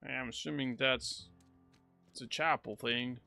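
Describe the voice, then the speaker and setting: A man streaming a video game, rambling and joking as he reacts out loud. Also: mid-range voice, steady tone, unhurried, vocal fry, soft background music. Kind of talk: casual gameplay commentary.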